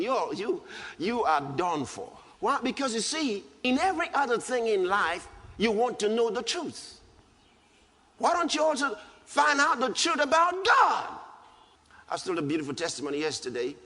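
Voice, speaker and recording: A man with a Nigerian English accent preaching a sermon, emphatic, dropping low and calm then rising to loud outbursts. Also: in a large hall. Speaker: pastor.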